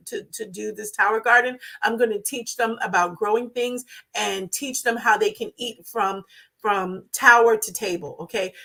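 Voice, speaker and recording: An older woman with a New York accent, hosting a live-stream talk in a fast, chatty and enthusiastic way. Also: a little high, pushed and bright. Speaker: host.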